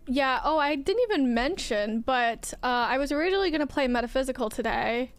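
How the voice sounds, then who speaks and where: A woman's voice: high voice, lively intonation, brisk. Chatty young woman livestreamer. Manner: chatty, soft, gushing and sing-song. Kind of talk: casual chat with viewers while gaming.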